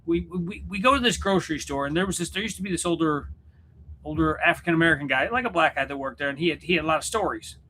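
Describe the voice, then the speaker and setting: Bright-voiced man rambling on a livestream. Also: on the high side, fast, a little hiss or hum. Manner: rambling, self-interrupting, joking. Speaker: YouTube channel host and musician. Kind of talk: casual livestream chat. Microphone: computer setup at home.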